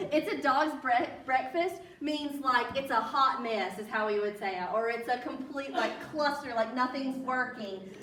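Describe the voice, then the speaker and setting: A woman with a Southern American accent talks casually to a library audience in a fairly high voice, laughing often and turning to quiz the room. Her voice sounds roomy and echoey. It was recorded from a distant mic. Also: unhurried, a bit bright. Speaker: library guest speaker. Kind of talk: casual storytelling talk to an audience. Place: public library meeting room.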